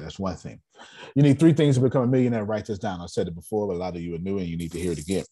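The voice sits low, warm and slightly rough, and he races along. He's a man coaching an online business meeting, blunt and joking, repeating himself with a preacher-like rhythm during an animated motivational talk.

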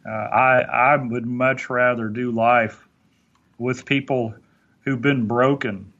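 A man's voice: medium pitch, steady tone, takes it slowly, fairly bright tone, muffled recording. A man talking earnestly on a motivational podcast, stumbling into restarts as he makes his points. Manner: earnest, preachy, with many restarts. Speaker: podcast guest speaker.

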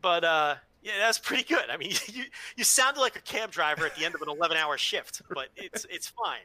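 A man co-hosting a casual podcast chat with a very bright, forward voice, opinionated and prone to restarting his sentences. His voice sits somewhat high for a man, and the recording is close and dry. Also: lively intonation, fairly quick, dry recording. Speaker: podcast co-host.

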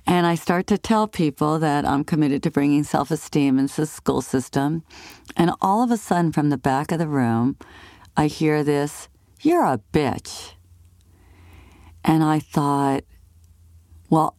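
A middle-aged woman giving a self-help talk, telling a personal story in long animated run-on lists. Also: low voice, no room sound, clean studio sound.

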